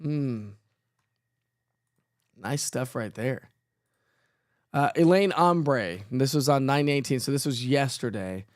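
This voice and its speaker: A man's voice: mid-range voice, animated, slow pace, pauses often, dry recording, clean studio sound. A man hosting a casual live weather show, chatty and playful, who jokes at his own expense and laughs often. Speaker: weather forecaster host.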